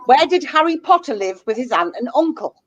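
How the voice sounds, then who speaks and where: A woman's voice: sits high, sing-song, brisk, no echo, lo-fi sound. A woman hosting a quiz among friends, reading out questions and answer options. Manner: reads out answer options in a listing rhythm. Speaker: quiz host.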